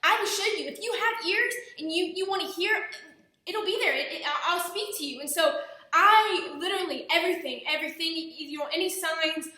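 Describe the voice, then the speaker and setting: Young woman vlogger, earnest and chatty, high bright voice, very echoey room. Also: fairly quick. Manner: earnest, talkative, many restarts. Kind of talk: casual personal vlog. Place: indoors at home.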